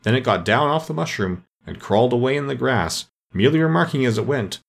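A man reads a classic storybook aloud, his mid-pitched voice rising and falling with lively expression. The delivery is measured and storytelling in manner. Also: creaky. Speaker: narrator. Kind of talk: storybook reading.

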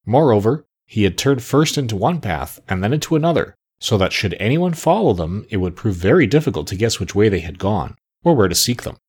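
A man narrating a children's storybook with an expressive, animated reading. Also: lowish voice, a little fast, hardly any pauses, breathy edge.

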